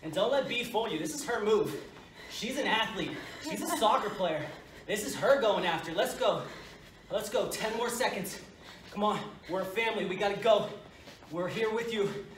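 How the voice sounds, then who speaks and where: A man's voice: high-pitched, animated, normal speed, fairly bright tone, a little hiss or hum. A man coaching a workout with pumped-up, urging pep talk. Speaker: fitness coach. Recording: echoey room, mic at a distance.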